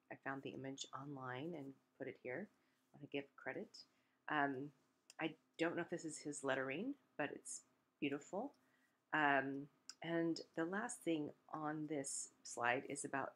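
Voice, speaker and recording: A woman giving a literature lecture in a relaxed, explanatory way, with frequent ums and restarts. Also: a bass voice. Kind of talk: recorded lecture.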